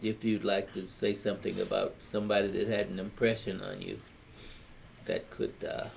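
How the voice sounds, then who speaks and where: A man's voice: on the low side, flat delivery, normal speed, creaky, a little hiss or hum. An older man from Louisiana with a Louisiana accent, telling his life story in a family history recording, plain-spoken and rambling as he acts out old conversations.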